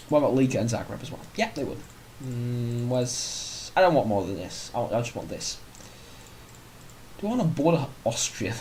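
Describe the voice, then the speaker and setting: A man's voice: mid-range voice, darkish tone, slight background noise. A man hosting a let's play, giving casual, rambling commentary on his strategy game and often correcting himself mid-sentence. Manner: rambling, chatty, self-correcting.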